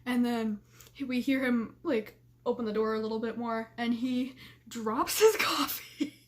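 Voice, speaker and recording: Young woman vlogger, high voice, casual and giggly storytelling. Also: unhurried. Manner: giggly, keeps breaking into laughter; fillers like "like" and "freaking".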